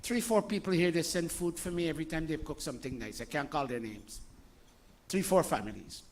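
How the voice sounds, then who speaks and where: An older man delivers a loose, chatty sermon to his congregation. His voice sits a little high, and he swings between teasing questions and sharp, scolding bursts. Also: fairly quick. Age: 60s. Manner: animated, scolding, jokey asides, rhetorical questions. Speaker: spiritual teacher.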